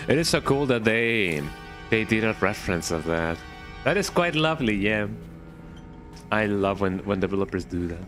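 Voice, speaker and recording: With soft music in the background, a man with a lowish, fairly bright voice and lively intonation talks at a normal speed. He's thinking aloud while streaming a horror game, offering casual, playful commentary, repeating words in silly riffs and frequently adding "eh?".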